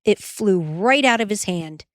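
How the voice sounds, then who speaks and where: A woman reading a children's classic aloud as an audiobook narrator, measured and expressive. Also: mid-range voice, no echo, clean studio sound. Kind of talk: scripted storybook narration.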